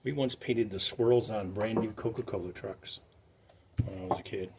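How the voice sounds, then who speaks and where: A man's voice: lowish voice, moderate pace, very noisy. A middle-aged man giving casual, rambling commentary while cleaning car light lenses, making self-deprecating asides. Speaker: car restoration vlogger.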